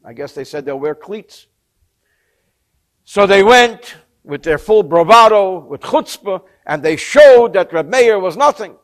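This man's voice sits high and moves a little slowly as he teaches a religious text. Working as a Torah teacher, he weaves expressive storytelling into the study lesson and renders Hebrew terms in English.

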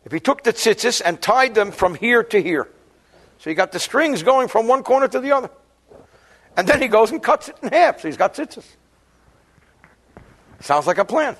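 Man, rabbi teaching, joking and chatty, high voice, gravelly. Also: animated, moderate pace, long pauses, a bit bright. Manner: joking, chatty, mixing Hebrew terms into explanations. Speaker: rabbi teaching Jewish law. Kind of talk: daily study lesson.

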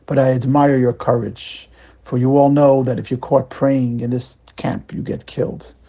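A man voicing a stern, calm male camp overseer who speaks in a measured way. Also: mid-range voice, muffled recording, natural voice. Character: stern man turned defiant.

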